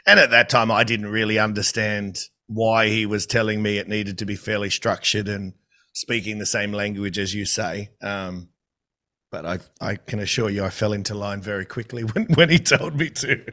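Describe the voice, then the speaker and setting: A bright, forceful man hosts a casual podcast conversation. He tells lively stories and laughs often as he talks. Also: lowish voice, moderate pace. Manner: animated storyteller, laughs often. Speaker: podcast host.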